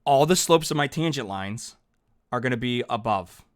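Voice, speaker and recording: In this narrated whiteboard lesson, a male math teacher works through calculus on a digital board, speaking at a moderate pace in an expressive, medium-pitched voice. Cheerful and talkative, he reasons aloud and fixes his own mistakes step by step.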